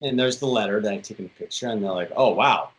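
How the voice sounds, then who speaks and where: A man's voice: on the low side, very fast, rough recording. A man in his thirties telling stories in a conversational interview, with frequent fillers. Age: 30s. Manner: chatty storytelling, frequent fillers. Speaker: interview guest.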